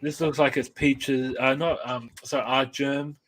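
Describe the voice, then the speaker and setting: A man's voice: medium pitch, level tone, unhurried. A man co-hosting a casual chat about comics and films, rambling and enthusiastic with many restarts. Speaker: podcast co-host.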